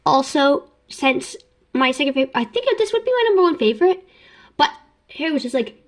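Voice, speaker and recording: A young woman vlogging casually, talking fast, rambling and interrupting herself with giggles. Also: high-pitched, big pitch swings. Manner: giggly and chatty. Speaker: YouTube vlogger. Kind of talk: casual ranking vlog.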